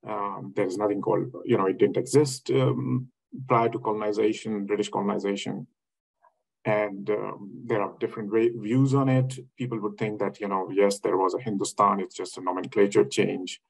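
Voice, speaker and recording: A man's voice: fairly low pitch, flat delivery, moderate pace, gravelly, slightly rough, low-quality recording. A man giving a webinar lecture over a video call, thinking aloud with many fillers and restarts. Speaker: academic speaker.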